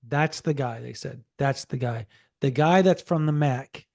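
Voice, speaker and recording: A man co-hosting a sports podcast, telling a story in a casual, animated way and relaying a source's quotes. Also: mid-range voice, unhurried, creaky, no room sound, clean studio sound. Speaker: podcast co-host.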